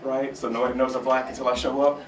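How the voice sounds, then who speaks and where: A man's voice: mid-range voice, flat delivery, quick pace, far from the mic, slight background noise. A man doing a stand-up set at an open mic, talking conversationally to the crowd and laughing at his own jokes, recorded in a roomy small theater from afar. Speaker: stand-up comedian.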